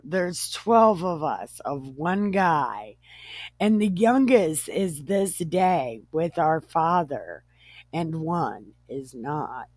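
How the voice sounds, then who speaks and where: A woman's voice: deep voice, animated, extremely slow, a little mellow, no echo, exaggerated voice. A woman voicing a group of nervous grown brothers who plead in casual slang.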